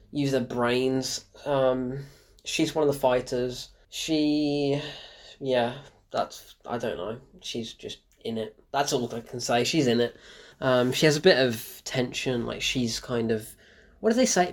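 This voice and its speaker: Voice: medium pitch, darkish tone. A young adult, giving a casual, rambling film review full of sarcasm and self-corrections.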